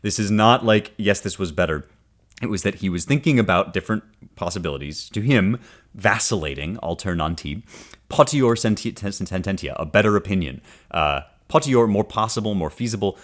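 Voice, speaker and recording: A man's voice: fairly low pitch, moderate pace. A male podcast host teaching a classic poem in a casual, conversational way, often checking in with "right?" and giving wry asides. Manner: wry and animated, reads passages aloud then unpacks them.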